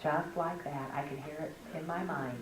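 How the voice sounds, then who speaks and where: Middle-aged woman giving an animated talk, tells stories and does the voices, sounds far off in a big echoey room. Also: deep voice, moderate pace, a crowd in the background. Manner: animated, storytelling, acts out quoted voices. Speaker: speaker at a women's Christian conference. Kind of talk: lively spoken lecture. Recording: echoey hall from a distance with background noise.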